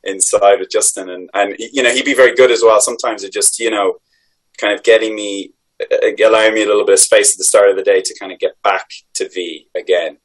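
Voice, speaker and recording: A man's voice: fairly low pitch, steady tone, fast talker, poor audio. An Irish man, a voice actor, answering interview questions in a reflective, rambling way with many restarts. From Ireland. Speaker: voice actor guest.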